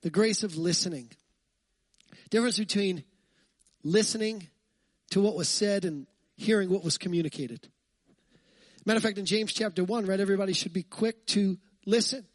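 A man pastor preaching a lively, conversational sermon, full of jokes and asides to the congregation. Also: sits high, normal speed, pauses often, no echo.

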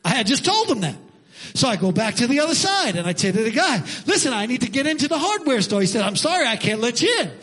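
A man preaching a sermon, telling a personal story with animated emphasis before turning to scripture. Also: extremely high pitch, fast, slightly rough. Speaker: pastor.

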